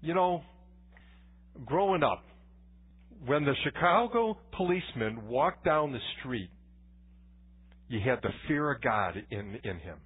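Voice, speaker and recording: Male pastor, conversational sermon, husky tone, phone-like lo-fi recording. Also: mid-range voice, very animated, a little slow, long pauses. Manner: conversational preaching with anecdotes and frequent restarts. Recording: tinny phone-like church recording.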